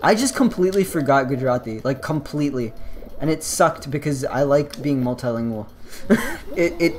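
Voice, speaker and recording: A man's voice: medium pitch, a little mellow, a little hiss or hum. Joking American guy streaming a game. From United States. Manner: laughs often, swears freely, rambling and joking with chat. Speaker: gaming streamer. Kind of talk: casual live-stream chat while playing.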